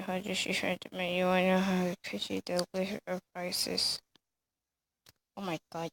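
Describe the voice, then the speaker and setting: A woman's voice: fairly low pitch, vocal fry, fairly bright tone, slight background noise, rough recording. A woman ranting casually in a reaction video, mocking and giggly, rambling with many fillers. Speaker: video creator.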